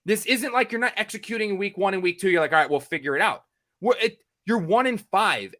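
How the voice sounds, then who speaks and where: A man's voice: high voice, a bit bright. An American man, a sports reporter co-hosting a podcast, ranting in exasperation, repeating himself and swearing freely.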